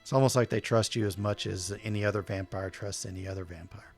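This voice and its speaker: Gm guy with a gritty voice, dry quick remarks, leading the recap. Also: lowish voice, fairly even intonation, soft background music. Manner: dry, prompting with short remarks. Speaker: game master. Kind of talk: casual recap of a tabletop game.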